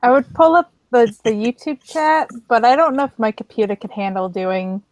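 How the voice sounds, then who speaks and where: A woman co-hosting in casual chat, mostly giving short, unhurried reactions. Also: a little high, animated, darkish tone, no room sound, low-quality recording.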